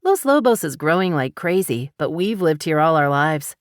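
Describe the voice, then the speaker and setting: A woman's voice: low voice, sing-song, moderate pace, no room sound, studio quality. A woman voicing a friendly, chatty local woman.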